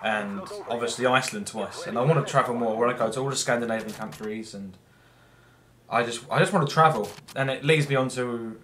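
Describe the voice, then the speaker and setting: A man's voice: mid-range voice, brisk, a bit bright. A young man with an English accent, chatting casually and rambling while commentating his own gameplay. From England. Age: young adult. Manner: rambling, chatty, self-deprecating. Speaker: gamer giving commentary.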